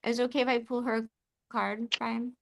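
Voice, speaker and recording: A woman's voice: a little high, flat delivery, normal speed, vocal fry. A woman hosting a live podcast, chatting casually in a rambling, emotional, giggly way. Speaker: podcast host.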